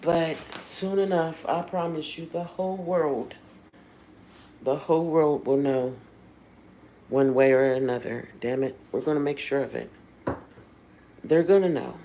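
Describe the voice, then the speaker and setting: A woman with a low voice hosts a casual livestream. She talks openly and with feeling, speaking right to her viewers. There is a faint noise in the background. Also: a little slow, pauses often, warm tone, rough recording. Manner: emotional, candid, addresses viewers directly. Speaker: livestream host.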